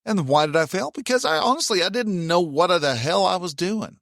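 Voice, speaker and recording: A man's voice: high voice, lively intonation, brisk, vocal fry, fairly bright tone, no echo, clean studio sound. A man, hosting a casual self-help talk in a plainspoken, folksy way with mild cursing. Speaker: self-help podcast host.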